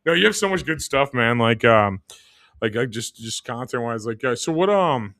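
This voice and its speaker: A man's voice: mid-range voice, lively intonation, moderate pace, creaky, a bit bright, dry recording, studio quality. A man hosting a podcast in casual chat, rambling and repeating words as he thinks, laughing often. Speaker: podcast host.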